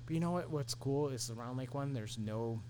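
A man's voice: mid-range voice, a little fast, warm tone, a little hiss or hum. A man who is a podcast guest talks in a rambling, casual way, with many restarts. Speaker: podcast guest, running club president. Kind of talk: casual chat.

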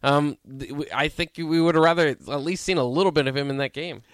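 Higher-voiced male radio co-host, animated. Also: fast talker, smooth, no echo, studio quality. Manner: animated, trailing restarts. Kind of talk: casual sports talk.

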